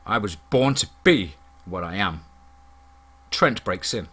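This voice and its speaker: Guy telling a scary woods story in first person, steady dramatic delivery, bright tone. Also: low voice, slow, breathy edge. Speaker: story narrator.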